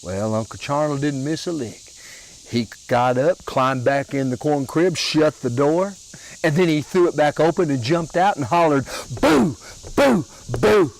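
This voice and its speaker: Older Southern man, front-porch storyteller, unhurried drawl, a touch high-pitched. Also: low-quality recording. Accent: Southern American. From Alabama. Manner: slow, drawling delivery with chuckles. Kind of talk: folksy humorous storytelling.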